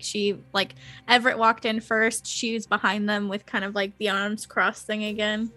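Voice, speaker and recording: A woman's voice: mid-range voice, bright, forceful tone. A woman playing a tabletop game, describing her character with hesitant, filler-heavy speech. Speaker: player. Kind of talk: casual tabletop play.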